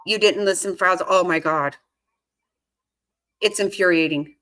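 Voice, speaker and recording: A woman's voice: fairly low pitch, a little slow, a bit bright. A woman giving casual reaction commentary on a court case, indignant and swearing freely as she talks back at the screen. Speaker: true-crime commentary host.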